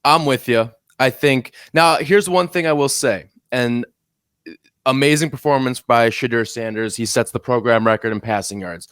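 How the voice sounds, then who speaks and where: A man's voice: mid-range voice, moderate pace, a bit bright, clear, resonant tone, dry recording, clean studio sound. A man co-hosting a college football podcast, talking casually and teasing his co-host. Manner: upbeat, teasing banter. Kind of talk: casual sports chat.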